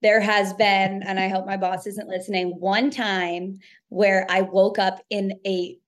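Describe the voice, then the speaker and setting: Young woman from New York, chatty storyteller, mid-pitched voice, casual interview guest. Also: little pitch movement, unhurried. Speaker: radio producer and host.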